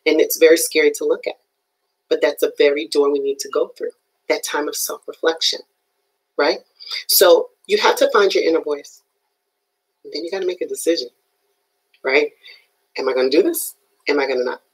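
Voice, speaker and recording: A woman giving an animated, emphatic motivational talk on a live stream, often checking in with her viewers. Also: low voice, moderate pace, long pauses, slightly rough, poor audio. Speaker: motivational speaker.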